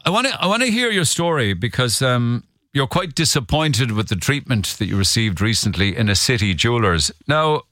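A man's voice: mid-range voice, moderate pace, no room sound, studio quality. A man hosting a radio phone-in, chatty with frequent restarts. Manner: chatty, hesitant restarts, lively delivery. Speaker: radio talk show host.

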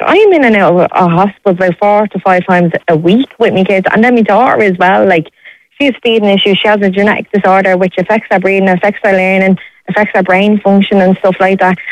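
A woman's voice: mid-range voice, fast talker, dry recording, poor audio. A young Irish woman calling in by phone to a radio show, speaking earnestly and pleadingly with many restarts. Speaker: caller.

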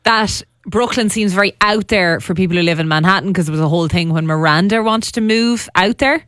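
A woman's voice: mid-range voice, a little fast, a bit bright, no room sound, clean studio sound. A woman co-hosting a radio show, joking along in a wry, playful way. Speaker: radio co-host.

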